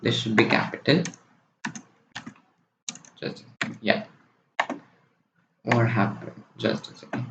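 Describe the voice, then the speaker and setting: A man's voice: mid-range voice, fairly even intonation, slow pace, vocal fry, pauses often, slight background noise. Man tutoring French in a roomy space. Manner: explains step by step, often checking in with "right?" and "okay?". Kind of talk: online exam-prep lesson. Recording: roomy, dull lo-fi recording.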